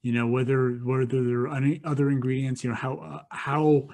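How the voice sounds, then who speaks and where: A man talks through public affairs and baking in a loose, rambling way. His voice sits at a middle pitch. The chat is casual and unhurried. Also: fairly even intonation, creaky, a little mellow. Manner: rambling, many fillers and restarts.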